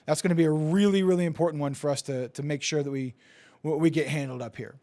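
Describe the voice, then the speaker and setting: A man co-hosting a casual sports betting chat, excitable and profane, often stammering and restarting, swinging from yelling to muttering. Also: fairly high pitch, quick pace. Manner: die-hard team fan, swings from yelling to muttering. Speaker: podcast co-host.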